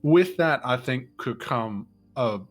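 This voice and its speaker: Brief: man podcast host, mid-range voice, thoughtful and halting. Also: mid-range voice, lively intonation. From East Texas, US. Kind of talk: casual chat.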